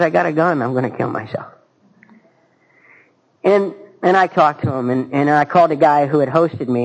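A man's voice: medium pitch, gravelly, rough recording. A man speaking at a recovery meeting, telling a personal story in an earnest, folksy and candid way.

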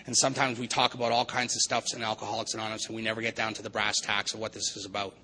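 A man's voice: lowish voice, level tone, very fast, bright, forceful tone, a little hiss or hum, rough recording. A man giving an earnest, preacherly recovery testimony, repeating phrases for emphasis. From Vancouver area, Canada. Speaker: recovery meeting speaker.

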